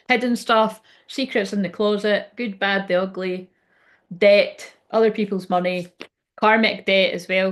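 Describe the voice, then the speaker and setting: A woman giving a rambling, casual tarot reading to camera at home, swearing now and then. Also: mid-range voice. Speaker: tarot reader. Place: indoors at home by a window.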